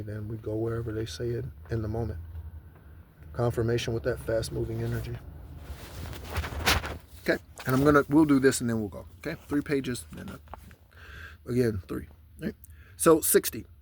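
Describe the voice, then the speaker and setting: A man giving casual spiritual guidance, rambling in asides and slowly repeating mantras three times over. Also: mid-range voice, darkish tone, no room sound. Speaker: spiritual channeler.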